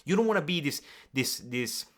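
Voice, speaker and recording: Animated man giving coaching advice. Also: a little high, moderate pace. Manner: animated, acts out nervous and calm examples. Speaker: communication coach. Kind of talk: direct-to-camera coaching talk.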